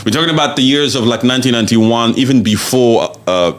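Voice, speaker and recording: A man in the middle of a heated podcast rant, speaking at an ordinary pitch. He is blunt and mocking, throws in curse words and hammers his points home by repeating them. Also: fast. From outside South Africa. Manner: blunt and mocking, swears, talks in emphatic repetitions. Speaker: podcast host.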